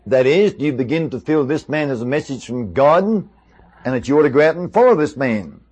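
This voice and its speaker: A preacher voicing a calm, self-assured male Pharisee who coaxes smoothly and stays unruffled. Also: mid-range voice, moderate pace. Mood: coaxing.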